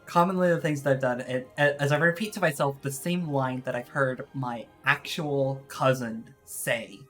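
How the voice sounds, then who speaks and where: A VTuber streams live in a medium-pitched, somewhat bright voice at a moderate pace, putting on an East Texas drawl. He chats casually and rambles, often laughing at himself, with soft music in the background.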